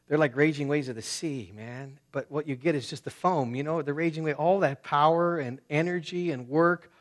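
A man preaching a sermon as pastor, talking casually and swinging between loud bursts and hushed asides. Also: on the high side.

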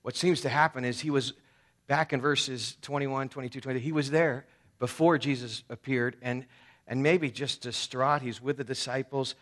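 A man's voice: mid-range voice, fairly even intonation, moderate pace, a bit bright. A man preaching a sermon at a church service, casual and conversational, dropping in slang as he talks. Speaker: pastor.

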